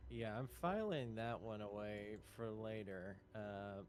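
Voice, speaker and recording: A man's voice: lowish voice, slow, slight background noise. A man playing a tabletop game, describing his character casually with loose fillers. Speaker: player. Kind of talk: casual in-character play talk.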